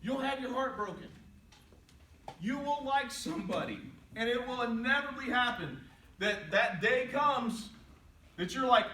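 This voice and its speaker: A middle-aged man giving a playful, animated inspirational talk to students in a large hall, telling stories and acting out quotes. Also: very high-pitched, unhurried, a little hiss or hum. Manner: playful, animated storytelling with jokes and acted-out quotes. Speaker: motivational speaker. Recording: echoey hall, voice from a distance.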